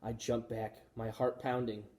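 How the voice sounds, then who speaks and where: A male teacher reading a children's chapter book aloud with expressive storytelling. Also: mid-range voice, a little slow.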